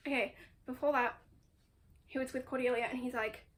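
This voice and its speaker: High-voiced woman, chatty dramatic recap. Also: fairly even intonation, brisk, fairly bright tone. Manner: chatty, full of "like"; exasperated, dramatic storytelling. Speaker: book vlogger. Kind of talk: casual book recap.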